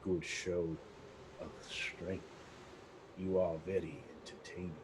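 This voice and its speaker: A man voicing a menacing aristocratic male vampire lord, speaking slowly, low and hushed in a tabletop game. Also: level tone, a little hiss or hum, rough recording. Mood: taunting. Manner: slow, low, hushed and taunting.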